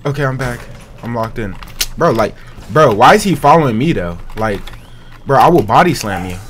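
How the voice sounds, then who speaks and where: A man's voice: mid-range voice, lively intonation, normal speed, fairly bright tone, a little hiss or hum. A young man trash-talking and taunting opponents in casual commentary over online gameplay. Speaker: gaming streamer.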